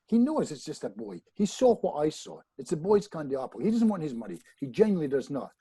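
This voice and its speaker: Poor, roomless audio carries a man's somewhat high, slightly rough voice, fast and with few pauses. He is a hypnotist guest telling the podcast host a personal anecdote, an animated storyteller who restarts phrases frequently and speaks to the host directly.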